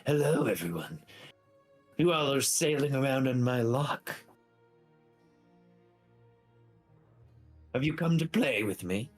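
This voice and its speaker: A man's voice: mid-range voice, animated, normal speed, faint music behind, voice pushed up, natural voice. A man voicing a polite, greedy male plesiosaurus sea monster with a prim, fussy manner. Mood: cheerful. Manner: prim, fussy, genteel speech.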